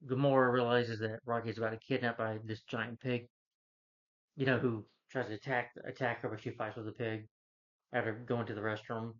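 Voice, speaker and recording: A man's voice: mid-range voice, little pitch movement, fairly quick. A man at home recapping a film's plot in a loose, rambling way, full of "you know" and restarts. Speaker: movie reviewer. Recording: dull lo-fi sound.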